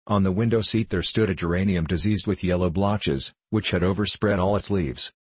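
Man, audiobook narrator, very low voice, husky, dry close sound, measured formal reading. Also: dry recording. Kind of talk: audiobook reading of classic fiction.

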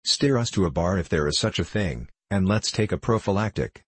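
A man voicing a burly, arrogant middle-aged businessman who talks in a hearty, gruff way. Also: low-pitched, animated, fairly quick, dry recording. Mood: bluff hearty.

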